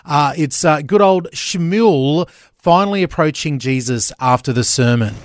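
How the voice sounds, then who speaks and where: A man's voice: fairly high pitch, animated. A man hosting breakfast radio, chatty and joking with his co-host. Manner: chatty, joking, quick to laugh. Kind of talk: upbeat radio banter. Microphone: studio microphone.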